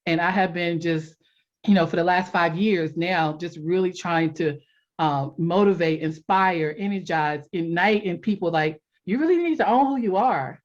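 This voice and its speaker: A woman guest on a podcast telling a personal story in a casual interview, animated and quick to laugh. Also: fairly low pitch, highs cut off. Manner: animated, laughs often, acts out quotes. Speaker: podcast guest, life coach.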